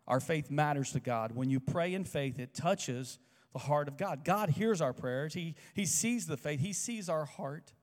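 Brief: male pastor, emphatic sermon delivery, fairly high voice, long hall reverb. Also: darkish tone. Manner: emphatic, asks the congregation to repeat lines.

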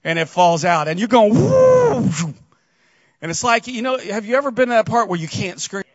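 A male pastor with a high voice preaches with earnest, conversational warmth, turning often to ask his congregation questions. The sound is dry and close, with a dull, muffled edge. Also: animated, fast talker, no echo. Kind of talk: sermon.

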